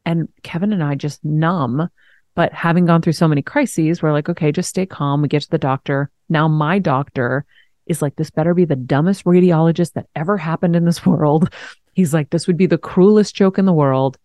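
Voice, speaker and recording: A woman in her forties hosting a podcast, telling a personal story in a frank, animated way, laughing now and then. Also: low-pitched, moderate pace, dry recording, clean studio sound. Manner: frank, animated, swears and laughs while telling hard news. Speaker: host. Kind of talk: candid conversational storytelling.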